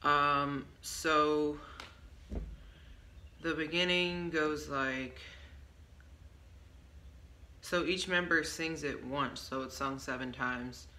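A woman with a low, steady, sharp-toned voice talks through a song she wrote in a casual vlog, speaking very slowly with long pauses. She rambles loosely with many ums and stops to correct herself. The recording has a roomy echo and faint background hiss.

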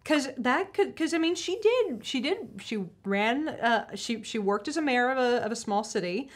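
Brash, sarcastic woman, high voice. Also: lively intonation. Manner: brash, swears freely, quick sarcastic asides. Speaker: science communicator. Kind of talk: casual conversation.

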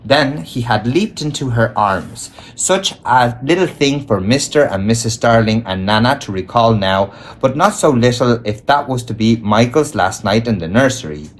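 A man reading a storybook aloud in an expressive storytelling manner. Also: mid-range voice, moderate pace, hardly any pauses. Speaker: audiobook reader. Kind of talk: read-aloud storybook narration.

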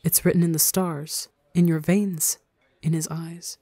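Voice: mid-range voice, level tone, a little slow, warm tone, no room sound, studio quality. A reader doing a whispering inner voice. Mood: hushed. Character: whispering inner voice, soothing and insistent.

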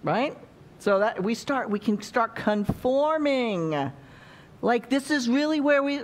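A woman's voice: on the high side, expressive, slow. A woman preaching a sermon in a church, playful and chatty, acting out little quotes as she goes.

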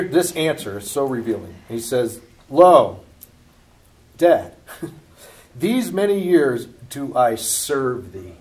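A male Bible teacher speaks in a relaxed, conversational manner, with a medium-pitched voice. He talks slowly, pausing with "um" between thoughts, over a faint background hiss. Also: low-quality recording. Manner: reads scripture then comments casually, with fillers and laughs.

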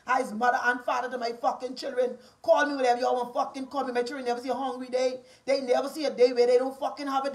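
A woman with a Bahamian accent in an angry, profane ranting monologue, confrontational and repetitive. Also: sits high.

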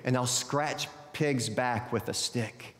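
A man doing an eager, quick storybook dog. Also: medium pitch, a bit bright. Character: rough but softening storybook dog. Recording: echoey church sanctuary.

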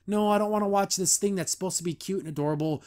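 A young man hosting a casual podcast, retelling a cartoon episode in a chatty, excited way with frequent laughs. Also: high-pitched, quick pace. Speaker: podcast host.

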